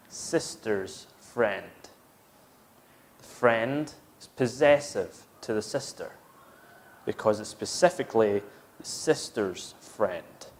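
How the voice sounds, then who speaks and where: A man teaching an English grammar lesson, explaining step by step and repeating each example sentence. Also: medium pitch. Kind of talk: slow, patient grammar lesson.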